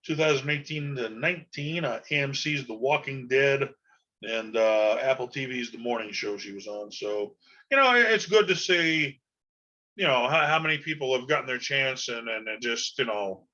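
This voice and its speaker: A man hosts a podcast solo, with a bright, forceful voice at an ordinary pitch. He talks in a loose, folksy ramble full of "uh" and "you know". The sound is a bit muffled and lo-fi. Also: normal speed. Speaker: podcast host. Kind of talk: casual solo podcast monologue.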